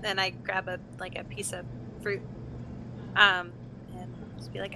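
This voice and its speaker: A woman's voice: medium pitch, flat delivery, a little slow, pauses often, pushed and bright, a little hiss or hum, poor audio. A woman playing a tabletop game, speaking tentatively with many fillers. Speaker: player. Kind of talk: casual tabletop role-play.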